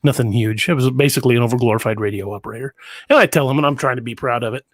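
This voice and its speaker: A man's voice: mid-range voice, rapid-fire, no echo, clean studio sound. A man co-hosting a podcast, telling a long anecdote in a casual, rambling way with some swearing. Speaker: podcast co-host. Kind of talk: casual storytelling chat. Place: studio.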